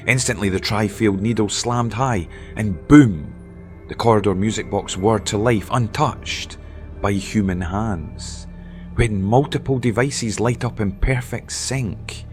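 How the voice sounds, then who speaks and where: Man narrating, dramatic, lively delivery, low-ish voice, faint music bed. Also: a little slow. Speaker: documentary narrator. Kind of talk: scripted narration.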